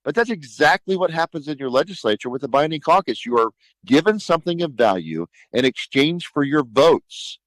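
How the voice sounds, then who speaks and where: A man's voice: fairly high pitch, a little fast, no room sound, low-quality recording. A middle-aged man, a state senator, talking emphatically on a radio talk show and acting out conversations. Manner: emphatic, animated, acts out conversations.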